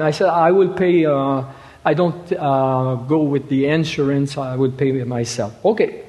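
Male preacher. Halting, stop-start delivery with emphatic peaks. Slightly raised pitch, echoing hall. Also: a little mellow. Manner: halting, repeats words, rises to emphatic quoting. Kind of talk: sermon. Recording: reverberant hall.

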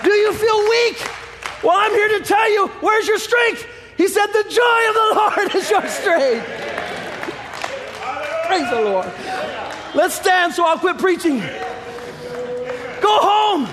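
High-voiced man preaching in an echoing hall. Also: animated, takes it slowly, long pauses, crowd noise, noisy background. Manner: shouting, rising fervor with quiet low stretches. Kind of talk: sermon. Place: church sanctuary. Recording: long hall reverb, faint congregation.

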